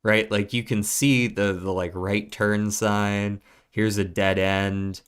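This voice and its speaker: A man's voice: lowish voice, little pitch movement, slow, fairly bright tone, smooth. A man streaming a puzzle game, thinking aloud in a casual, profane mutter as he works through clues.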